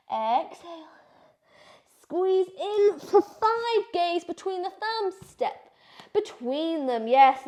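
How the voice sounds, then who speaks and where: A woman with an extremely high-pitched voice and a darkish tone instructs a power yoga class. Breathless from doing the flow herself, she calls out breaths and poses and offers encouraging cues.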